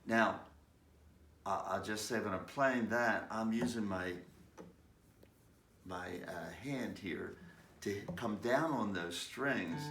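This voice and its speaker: Slow gravelly man teaching guitar. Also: lowish voice. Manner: slow, halting, frequent fillers, sings snatches of lyrics. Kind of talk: casual guitar lesson with sung demonstrations. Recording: roomy sound, distant mic, loud guitar.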